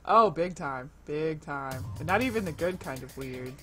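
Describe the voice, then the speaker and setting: A man from the United States gives short, quiet, agreeing replies in a casual chat. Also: fairly high pitch, expressive, moderate pace. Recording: distant voice under clear music. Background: clear background music.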